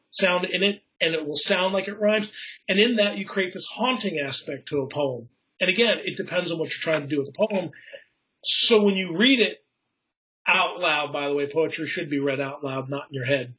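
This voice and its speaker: A poetry enthusiast speaks in a fairly high, bright, forceful voice, somewhat raised, as he casually rambles about craft with plenty of fillers and restarts. He drifts into tangents and chuckles at his own slips; the recording sounds a little dull and lo-fi.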